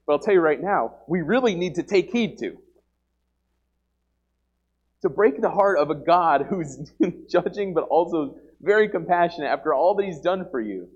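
A man preaching a sermon at a church service, earnest and repetitive, swinging between loud emphasis and quiet confession. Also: fairly high pitch.

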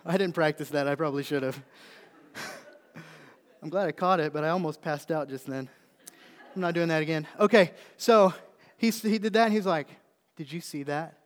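A middle-aged man, a pastor preaching a sermon, telling a story and then building into animated emphasis. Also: a little high, normal speed, pauses often. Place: church sanctuary. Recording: long reverb of a church hall.

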